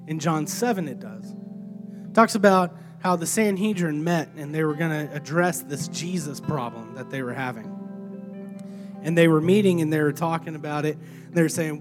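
A man, a young adult pastor, preaching a sermon in a lively, animated way, sometimes acting out strained, breathless voices. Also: on the high side.

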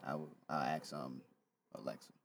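A man in casual podcast chat, relaxed and slangy, with many fillers. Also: a bass voice, creaky, a little hiss or hum. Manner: laid-back, slangy, drawn-out fillers.

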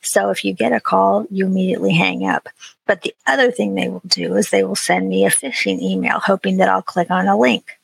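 Woman guest, dry close sound, husky and fry-edged, chatty filler-heavy delivery. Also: mid-range voice, brisk, no room sound, poor audio. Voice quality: chatty, many "you know" fillers, animated retellings. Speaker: podcast guest. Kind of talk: casual conversational chat.

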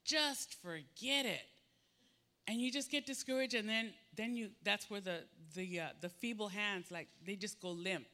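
Male preacher, high and piercingly bright tone, emphatic and animated sermon delivery. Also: moderate pace, few pauses. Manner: emphatic, repetitive, acts out quotes with big swings.

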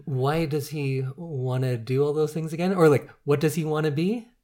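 A man in a casual film discussion, talking in an animated way and thinking aloud. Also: a little high, normal speed.

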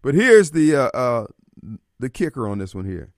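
A man's voice: mid-range voice, big pitch swings, normal speed, no echo, studio quality. A man hosting a call-in radio talk show, joking loosely in street slang with frequent laughter.

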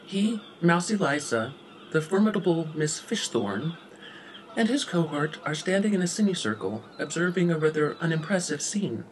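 A man narrating a story in a wry, deadpan way. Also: on the high side, normal speed, slight background noise.

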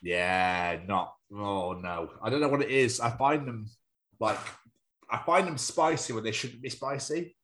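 A man's voice: medium pitch, measured pace, a bit bright. A man co-hosting a podcast in casual chat, joking and swearing freely and laughing often. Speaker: podcast co-host.

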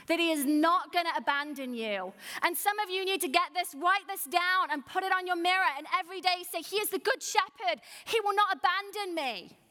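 A woman's voice: very high voice, fairly quick, hardly any pauses, pushed and bright. A woman in her thirties preaching a sermon as pastor, earnest and emphatic, putting rhetorical questions to the congregation. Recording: long hall reverb.

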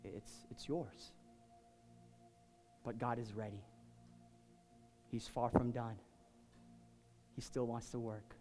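A man preaching a sermon, swinging from quiet, intimate talk to shouted, fervent peaks. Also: mid-range voice, flat delivery, slow, long pauses. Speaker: pastor. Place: church sanctuary. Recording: long hall reverb, faint music.

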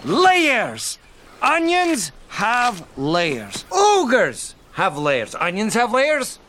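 A man's voice: high voice, wildly swooping pitch, extremely slow, bright, forceful tone, slight background noise, full character voice. A man voicing a grumpy, blunt male ogre who explains himself stubbornly in a film clip.

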